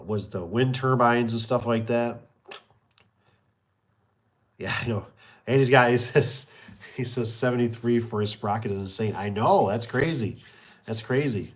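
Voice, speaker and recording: Rambling folksy man. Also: mid-range voice. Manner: rambling, folksy, talks with many fillers and restarts. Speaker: garage door and gate business owner. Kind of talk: casual chat.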